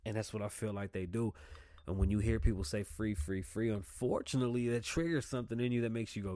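A man's voice: fairly low pitch, quick pace, no echo. Profane ranting man, dry close sound. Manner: profane, ranting, heats up and shouts when riled. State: sipping whiskey while talking. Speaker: podcast host. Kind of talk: casual opinionated monologue.

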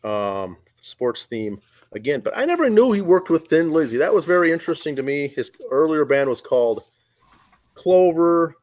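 A man's voice: fairly high pitch, sing-song, normal speed, a little mellow. A man co-hosting a podcast in casual chat, easygoing, often repeating short phrases back. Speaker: podcast co-host.

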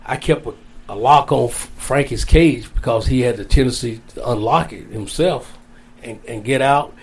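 A man's voice: mid-range voice, normal speed, breathy edge. A man as an interview guest, telling a long personal story in a casual, rambling way, repeating his phrases. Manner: rambling, repeats phrases, folksy Southern-style speech.

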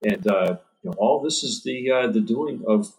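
A man's voice: medium pitch, normal speed, darkish tone, rough recording. A man who writes books on baseball, answering interview questions in an earnest, thorough way. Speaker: baseball author guest.

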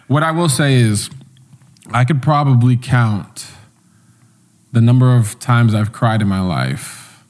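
A man hosting a podcast interview in a relaxed, halting way, often restarting his sentences. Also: mid-range voice. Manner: laid-back, halting, many restarts. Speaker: podcast host. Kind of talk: casual interview chat.

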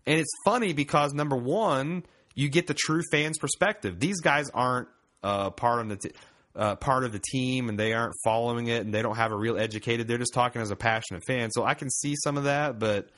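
A man's voice: medium pitch, fairly quick, a bit bright. A man co-hosting a podcast in casual chat, rambling and profane with self-deprecating asides. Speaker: podcast co-host.

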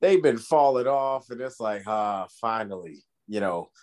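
A man co-hosting a podcast in casual chat, telling stories with lively impressions. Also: lowish voice, a little slow. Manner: animated storytelling with voiced impressions. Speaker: podcast co-host.

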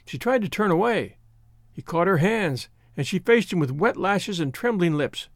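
A man narrating a classic short story in an expressive, measured reading voice. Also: high voice, dry recording, clean studio sound.

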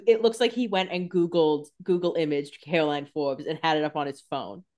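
A woman's voice: deep voice, a little fast. A woman co-hosting a podcast, chatting animatedly about an episode and acting out characters. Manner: animated, acts out characters with laughter. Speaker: podcast co-host. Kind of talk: casual episode recap.

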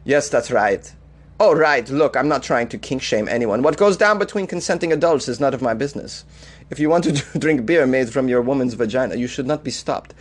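A man's voice: medium pitch, brisk. A man hosting a comedic weird-news podcast, reacting with incredulous laughter and riffing loosely between read-outs. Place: Los Angeles.

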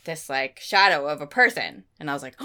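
Woman co-host, bright and high, very lively intonation; chatty, laughing, full of "like" and "you know.". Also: brisk. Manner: animated storyteller who laughs often and acts out bits; frequent fillers like "like" and "you know". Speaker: podcast co-host. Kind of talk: casual chat.

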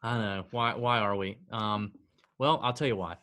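A man co-hosts a casual sports betting podcast, reeling off statistics with sighs and dry self-deprecating humor. His voice is on the low side with a sharp tone and a moderate pace.

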